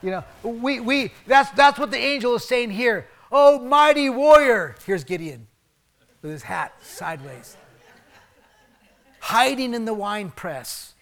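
A man preaching a sermon in a conversational way, swinging from emphatic bursts down to soft, hushed asides. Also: sits high, animated, unhurried, gravelly, pauses often. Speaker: pastor.

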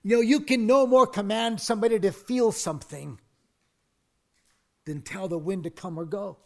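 A male pastor preaching a sermon, dropping to hushed whispers and then rising to loud, emphatic declarations, and asking the congregation to say lines with him. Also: sits high, moderate pace, vocal fry. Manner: invites the congregation to speak along.

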